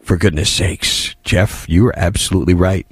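A man's voice: sits low, moderate pace, breathy edge, dry recording. A man hosting a talk radio show, reading listener texts aloud and answering them with sardonic, exasperated commentary.

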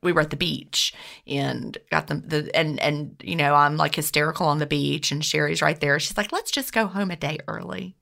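A woman's voice: low-pitched, moderate pace, vocal fry. A woman co-hosting a podcast, chatting casually with many restarts and fillers. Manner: warm, chatty, lots of restarts. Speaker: podcast co-host.

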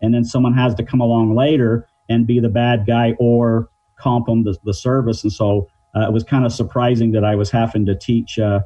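A middle-aged man, a crisis negotiation trainer, giving measured interview answers and explaining his points with everyday examples. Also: mid-range voice, flat delivery, dark tone. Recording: dull lo-fi line.

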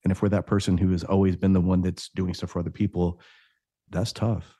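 Deep, fast-talking raspy man host. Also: little pitch movement, warm tone, dry recording, clean studio sound. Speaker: podcast host. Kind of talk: casual conversation.

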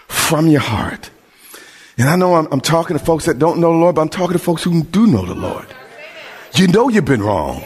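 A man preaching a sermon with passion, moving from low, quiet lines to raised, shouted appeals. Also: big pitch swings, normal speed, in a large hall. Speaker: pastor.

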